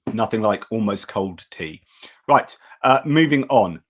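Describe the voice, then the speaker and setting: A man's voice: fairly low pitch, animated, a little slow, background noise. A middle-aged man hosting a casual live news stream, talking in a chatty way and breaking off to thank viewers. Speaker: livestream news host.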